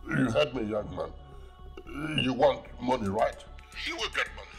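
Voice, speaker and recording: A man's voice: mid-range voice, expressive, music in the background, natural voice. An actor playing a stern middle-aged father who bargains with his daughter's kidnapper in a film drama. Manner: stern, measured, commanding. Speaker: wealthy father.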